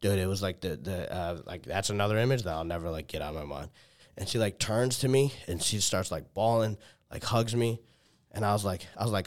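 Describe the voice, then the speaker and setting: A man's voice: deep voice, fairly quick. A young man telling a long personal story in casual chat, loaded with "like" and swearing, often acting out what people said. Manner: heavy filler "like", swears, restarts, quoted dialogue.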